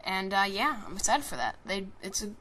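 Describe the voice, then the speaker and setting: A person giving casual, rambling commentary over a game trailer, joking and swearing, with constant fillers and restarts. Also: female voice, medium pitch, very animated, a little fast, bright, forceful tone. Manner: rambling and jokey, with frequent swearing; self-interrupting, with many fillers and restarts.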